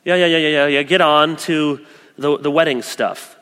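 Animated male preacher, bright ringing voice. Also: on the high side, moderate pace, smooth. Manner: animated, shifts between loud emphasis and soft quoted asides. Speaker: pastor. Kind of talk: sermon. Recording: long echoey church hall.

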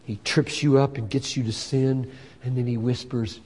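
A male pastor preaching a sermon with emphasis, building up to loud fervent peaks. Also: mid-range voice, flat delivery, normal speed, breathy edge. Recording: long hall reverb.

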